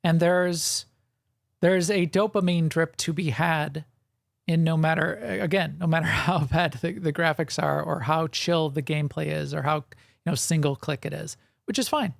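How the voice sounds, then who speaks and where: A man's voice: fairly high pitch, steady tone, normal speed, vocal fry, dry recording, clean studio sound. A man co-hosting a gaming podcast in casual chat, rambling and correcting himself, with frequent chuckles. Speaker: podcast co-host.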